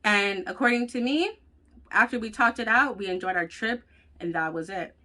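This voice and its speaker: A woman vlogger telling a personal story in a blunt, profane, animated way. She has children. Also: medium pitch, normal speed. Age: adult with children. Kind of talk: casual storytelling vlog.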